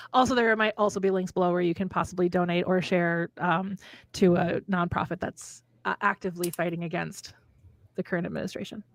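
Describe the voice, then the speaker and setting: A woman's voice: lowish voice, normal speed, no room sound. A woman from Minnesota, co-hosting a podcast and chatting casually, telling stories and acting out the quotes. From Minnesota, USA. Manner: animated storyteller, acts out quotes. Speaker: podcast co-host. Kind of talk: casual chat.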